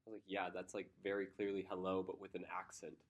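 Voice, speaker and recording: A man's voice: low-pitched, fast talker. A man teaching chemistry to a class, who moves between lecturing and loose, chatty storytelling with his students. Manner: chatty, storytelling, animated when amused.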